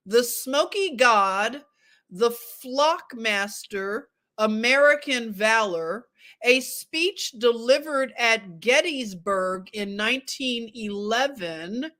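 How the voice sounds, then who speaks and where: A woman reads aloud from an old book at an unhurried, deliberate pace. She hosts a casual book discussion and breaks off from the text to joke with her viewers. Her voice sits on the high side. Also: a bit bright. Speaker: host.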